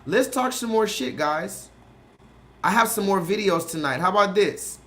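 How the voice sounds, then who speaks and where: A man hosting a casual livestream, ranting with quick asides. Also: sits high. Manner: animated, rant-like, quick asides; mocking put-on voices when quoting films. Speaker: host.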